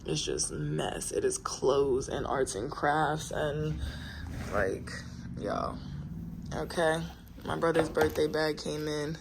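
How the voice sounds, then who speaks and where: A young woman talks straight to her camera at home, rambling and venting in relaxed slang. Her voice has a gravelly, creaky texture. Faint background noise sits under the talk. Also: deep voice, takes it slowly, long pauses. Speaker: vlogger. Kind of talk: casual vlog chat.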